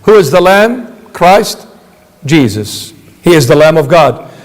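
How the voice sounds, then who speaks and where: A man's voice: on the high side, sing-song, slow pace, big-room sound. A man preaching a sermon as a bishop, emphatic, asking rhetorical questions and answering them himself.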